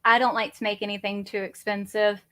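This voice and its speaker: A woman's voice: medium pitch, little pitch movement, fairly quick, a bit bright. A woman, hosting a casual livestream chat from her home office in a rambling, chatty, self-deprecating way. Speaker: crafting channel host.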